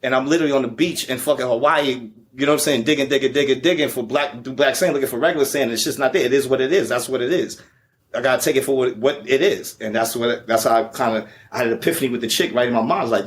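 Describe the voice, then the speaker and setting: A man's voice: medium pitch, fast talker, a little hiss or hum. Profane, slangy man telling a story. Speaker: featured guest. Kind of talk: casual storytelling.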